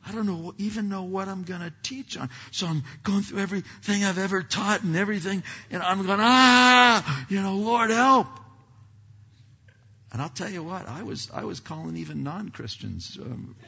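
Husky-voiced pastor in a big hall. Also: male voice, high-pitched. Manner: self-deprecating, animated storytelling with many restarts. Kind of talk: sermon storytelling. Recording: dull hall reverb, lo-fi.

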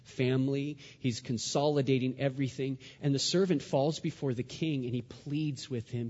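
A man preaching a sermon, dramatic, dropping to a hush and then rising loud. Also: medium pitch, normal speed, few pauses, in a large hall, highs cut off. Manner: dramatic, swings from hushed to loud.

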